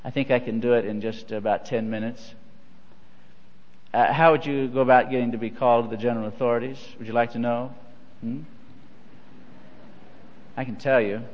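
An older church leader from Missouri gives a lighthearted sermon built on anecdotes, telling them in a folksy, self-mocking way with chuckles. He speaks at normal speed in a steady, medium-pitched voice, pausing often. The sound is dull, with the echo of a hall.

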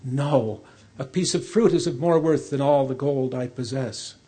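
A man's voice: medium pitch, a little slow, mellow, slightly rough. A man voicing a grieving, remorseful old king who pleads earnestly. He reads it as part of a spoken story.

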